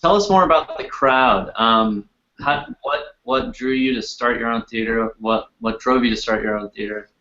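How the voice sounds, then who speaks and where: A man's voice: mid-range voice, normal speed, sharp tone, muffled recording. A man hosting a casual livestream, upbeat, asking guests rambling questions. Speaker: host.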